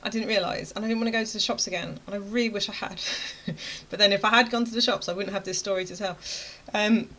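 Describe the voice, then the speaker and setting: A woman's voice: mid-range voice, fairly even intonation, fast talker, fairly bright tone. A woman in her thirties, a course creator, telling a chatty story to camera and acting out her own reactions. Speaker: web design course creator.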